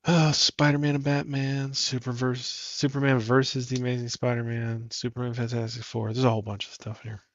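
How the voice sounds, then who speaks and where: A man's voice: mid-range voice, flat delivery, fairly quick, hardly any pauses, no room sound. A man co-hosting a live comic stream, chatting casually and laughing often. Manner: laughs often, offhand remarks. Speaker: co-host. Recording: slightly dull, muffled sound.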